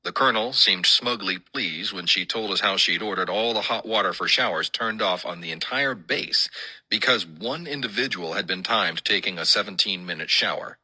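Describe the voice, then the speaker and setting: An older man reading his own wartime memoir aloud in a dry, wry storytelling manner, with a husky voice. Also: sits low, moderate pace, pushed and bright, rough recording. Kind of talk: first-person memoir reading.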